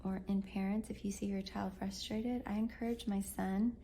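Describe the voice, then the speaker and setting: A woman's voice: mid-range voice, fairly even intonation, moderate pace, few pauses, mellow, a little hiss or hum. A woman in her thirties giving a chatty, encouraging step-by-step drawing lesson for kids, thinking aloud as she draws. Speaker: art teacher.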